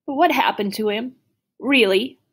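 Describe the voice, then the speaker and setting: A woman's voice: a little high, normal speed, husky, pitched above the performer's own voice. A woman voicing a blunt, angry teenage boy who speaks in a raised, urgent, pleading way. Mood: upset.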